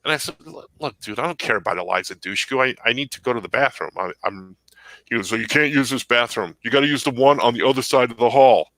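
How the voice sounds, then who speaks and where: A man's voice: medium pitch, fast talker, fairly bright tone, no room sound, rough recording. A man co-hosting a podcast, telling a long rambling story in casual chat. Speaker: podcast co-host.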